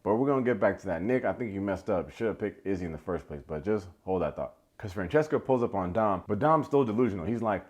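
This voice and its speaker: A man, recapping a dating show with sarcastic, playful commentary and mock impressions. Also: deep voice. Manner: sarcastic, playful, mimics people he quotes. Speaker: recap video host. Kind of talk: comedic reality show recap.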